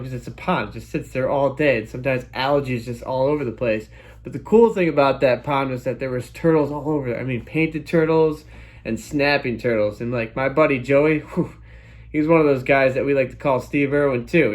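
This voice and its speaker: A young man telling a childhood story in a casual, animated way, full of sound effects and exclamations. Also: medium pitch. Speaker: storytelling vlogger.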